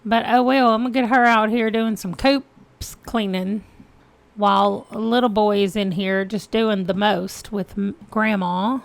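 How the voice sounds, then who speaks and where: A woman's voice: fairly high pitch, vocal fry. A woman giving casual, chatty commentary on her gameplay and talking to the game characters. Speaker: gaming let's-play host.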